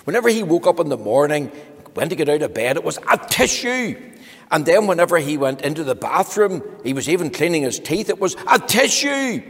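Animated husky male storyteller. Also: on the high side, fast talker. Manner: animated, playful, addresses children directly. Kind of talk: children's storybook reading. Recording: long hall reverb.

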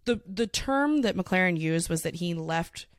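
A woman's voice: lowish voice, animated, no room sound, clean studio sound. A young woman co-hosting a podcast, chatting casually and peppering her talk with "like.". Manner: chatty, fillers of "like", quick laughs. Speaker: podcast co-host. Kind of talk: casual chat.

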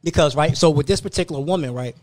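A young man telling a story in casual chat, animated, laughing often and repeating himself. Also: on the high side, fast.

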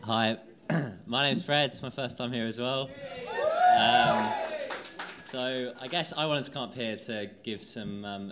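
A man telling a story at an open mic, halting and sheepish, with many ums. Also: fairly low pitch. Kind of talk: hesitant anecdote. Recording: crowd noise in a live venue.

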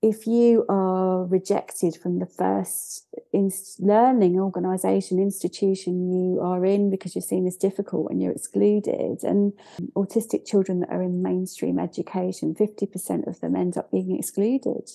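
Dark-voiced woman with a gravelly edge. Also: on the low side, level tone, moderate pace. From Scotland. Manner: earnest, hesitant with many restarts and fillers. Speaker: podcast guest. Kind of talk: reflective interview talk.

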